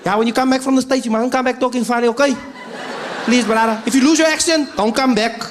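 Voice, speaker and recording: A man's voice: very high voice, steady tone, fast talker, a little hiss or hum, pitched above the performer's own voice. A man doing a pleading South African well-wisher. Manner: pleading, insistent, tag questions. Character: pushy friendly male well-wisher.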